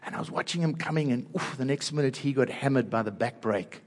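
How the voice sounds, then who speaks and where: An older man with a South African accent, preaching an earnest sermon through personal stories and dropping soft and low at tender moments. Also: fast. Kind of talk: storytelling sermon. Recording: long hall reverb.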